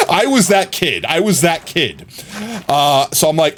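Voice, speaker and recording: A man livestreaming a game, telling a rambling, animated story in casual chat with frequent laughs. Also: on the high side, brisk.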